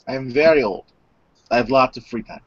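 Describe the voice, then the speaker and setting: A man voicing an old undead male vampire, a creepy foreign gentleman, speaking in a theatrical, sardonic way with broken grammar in a tabletop role-play. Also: medium pitch, fairly quick, no echo, close to an everyday voice. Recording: dull lo-fi recording.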